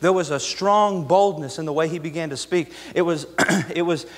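A fervent young male preacher with a notably high voice, hammering his points home in repeating phrases. His sermon rings out with a long reverb through the church sanctuary. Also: moderate pace. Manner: fervent, repetitive preaching cadence. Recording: echoey church hall reverb.

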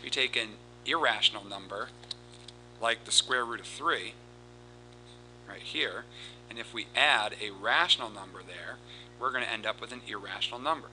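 A man teaching a recorded math lesson, explaining steps in a steady, explanatory way and reciting formulas in a rhythmic cadence. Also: medium pitch, normal speed, pauses often, a little hiss or hum, low-quality recording. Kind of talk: recorded lesson with board work.

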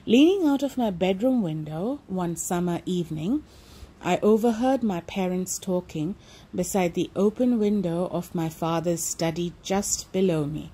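A woman reads a novel aloud as an audiobook narrator, calm and measured in her delivery. Her voice is fairly low for a woman, with a mellow, warm tone. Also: husky. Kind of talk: reflective commentary and book reading.

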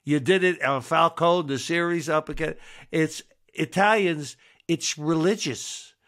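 Male podcast host, bright, slow-paced, jovial. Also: on the high side. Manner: jovial, laughs often, leads the segments. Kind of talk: casual chat.

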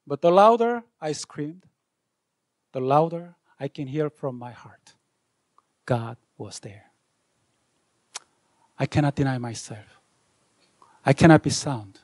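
Man, pastor, high voice, dramatic sermon, dry close sound. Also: dry recording. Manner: dramatic, swinging from loud outbursts to hushed lines. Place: university chapel.

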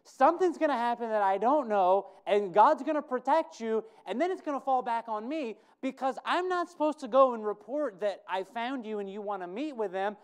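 A man's voice: very high-pitched, animated, moderate pace, clean tone, pitched above the performer's own voice. A man voicing a frightened male royal servant who pleads anxiously in an emphatic voice. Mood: alarmed.

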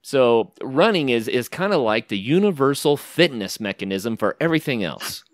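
A man's voice: medium pitch, lively intonation, moderate pace, no room sound. Male podcast host, upbeat, encouraging, dry close mic. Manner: enthusiastic, encouraging. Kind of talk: casual interview chat, reads ads.

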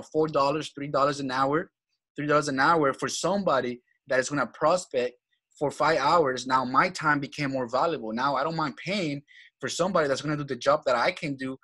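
Guy, husky, mid-range pitch, upbeat and repetitive. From Venezuela. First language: Spanish. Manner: energetic, repeats key points, frequent "right?" and "man". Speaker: guest, real estate acquisitions manager. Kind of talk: casual interview talk.

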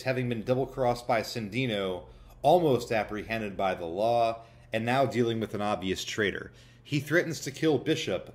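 A man narrating a comedic movie review in a sarcastic, irreverent way, often laughing at his own jokes. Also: fairly low pitch.

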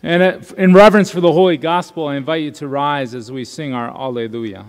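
A man leading a worship service, praying and reading scripture aloud in a measured, formal cadence. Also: a little high, animated. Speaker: worship leader. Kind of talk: liturgical prayer and scripture reading. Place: church sanctuary. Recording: long church reverb.

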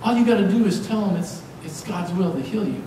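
A man preaches from the pulpit with a mellow, somewhat higher voice, mixing jokes with fervent urging. He stands well back from the mic in a church hall that rings with heavy echo, and a faint hiss sits under the recording. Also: a little fast, recorded from a distance. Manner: lively, joking, exhorting. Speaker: pastor. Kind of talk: preaching a sermon. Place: church sanctuary.

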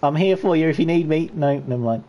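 A man hosting a football video game session, swearing, laughing and commenting excitedly with his friends. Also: on the high side, fast. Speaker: gaming channel host. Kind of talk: casual gaming banter with friends.

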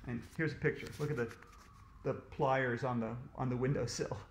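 A man reading a children's storybook aloud, expressive and animated. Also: medium pitch, moderate pace, roomy sound, slight background noise.

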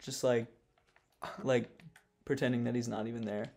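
A man's voice: mid-range voice, steady tone, vocal fry, warm tone. Goofy young man joking over a game. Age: young adult. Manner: goofy, joking, quick comebacks. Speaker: gaming channel host. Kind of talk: casual gaming chat.

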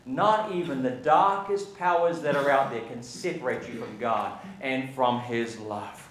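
A man's voice: mid-range voice, measured pace. A man preaching a sermon as pastor, building to emphatic peaks and asking the congregation questions. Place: church sanctuary. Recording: echoey church room.

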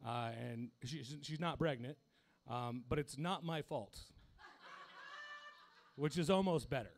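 A man's voice: mid-range voice, a little slow, slight background noise. A young man doing a crude, self-deprecating stand-up set, laughing at his own jokes. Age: young adult. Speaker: stand-up comedian.

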